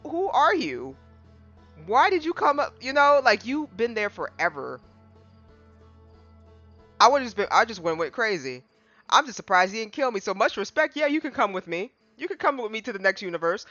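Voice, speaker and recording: A gaming streamer casually recapping a game, excitable, with dramatic restarts and big jumps in pitch. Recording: slightly dull lo-fi mic with faint music.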